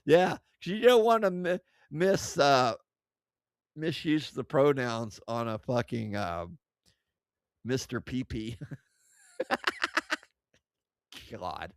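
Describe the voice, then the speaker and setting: A livestream host mocks his chat while reading it out, laughing and swearing often, near his desk mic. His medium-pitched voice has lively intonation, but he speaks extremely slowly with long pauses, in a dry recording.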